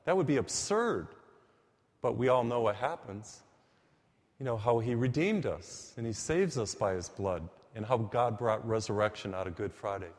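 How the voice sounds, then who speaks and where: A man's voice: on the low side, moderate pace, a little mellow. Man preaching a sermon in a reverberant church. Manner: storytelling, emphatic, varies pace for effect.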